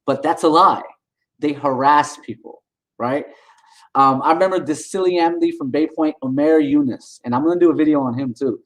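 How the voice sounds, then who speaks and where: A man's voice: on the high side, fairly quick, low-quality recording. Guy ranting into the camera, worked up and blunt, talks right at his viewers. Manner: indignant, animated, talks to viewers directly. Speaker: vlogger. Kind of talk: casual ranting commentary.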